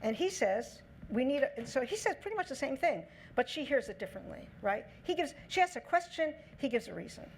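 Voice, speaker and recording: A woman giving a lecture on negotiation, lively, acting out the quoted lines in her own voice. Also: high voice, brisk, hardly any pauses, a little hiss or hum. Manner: lively, acts out quoted dialogue in her talk. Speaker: speaker on negotiation. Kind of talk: lecture talk.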